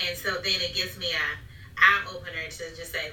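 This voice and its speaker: A woman's voice: lowish voice, fairly even intonation, normal speed, pushed and bright, slight background noise. A woman, a mother, chatting animatedly about raising her daughter and acting out what she says. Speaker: mother sharing parenting stories. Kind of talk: casual family chat. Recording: echoey room, mic at a distance.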